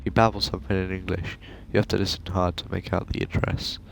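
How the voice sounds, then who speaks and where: A man hosting a gaming video, reading a narrative game aloud in steady narration. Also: sits low, fast, gravelly, slight background noise. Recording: game music playing behind.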